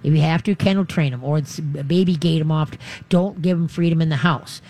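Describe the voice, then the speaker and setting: A man hosting a radio call-in show, giving folksy, animated advice on dog training. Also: on the high side, brisk.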